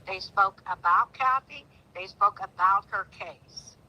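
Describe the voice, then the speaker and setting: A woman's voice: medium pitch, takes it slowly, dull audio. A middle-aged woman speaking with heartfelt emotion in a casual conversation, growing indignant at times. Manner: heartfelt, rising to indignant outbursts. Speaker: guest.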